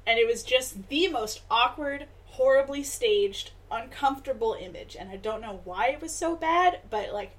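A woman co-hosting a podcast, chatting in a wry, casual way that often trails off softly. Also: fairly high pitch, animated, normal speed, hardly any pauses. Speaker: podcast co-host. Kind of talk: casual chat.

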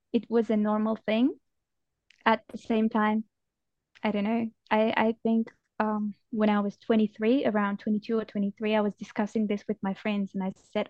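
A young woman speaks as an interview guest, recalling a personal story in a gentle, reflective way and pausing now and then to find her words. Her voice comes through slightly dull and muffled, and the sound is dry, with no room echo. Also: a little high, gravelly.

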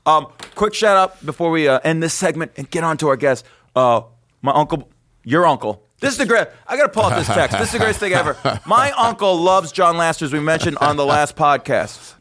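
A man's voice: on the high side, animated, brisk. A man hosting a podcast, bantering brashly and joking in loose, profane radio-style chat. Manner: brash, joking, swears freely, radio-style shout-outs. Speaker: podcast host.

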